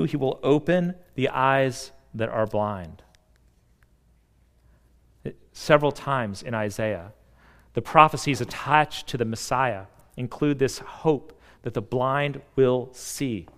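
A pastor speaks his sermon earnestly at medium pitch, alternating between forceful, emphatic climaxes and quiet, slow passages, while a long reverb tail lingers after him.

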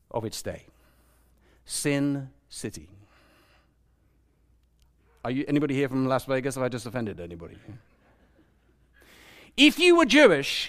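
A man's voice: medium pitch, a bit bright. A man preaching a sermon to a live audience, asking his listeners questions and acting out the voices he quotes.

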